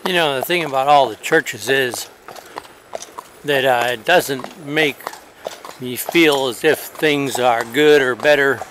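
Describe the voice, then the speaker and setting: A man on a horseback journey records a casual spoken travel diary outdoors, rambling, hesitant, and wry. His voice is medium-pitched, slow, and fairly bright, with a little hiss or hum on the recording.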